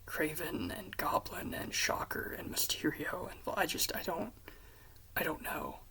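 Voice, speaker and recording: A woman voicing a shaken, unsure young male superhero, speaking haltingly in a whispery, gravelly voice. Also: low voice, big pitch swings, sharp tone, exaggerated voice. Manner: halting, restarting sentences.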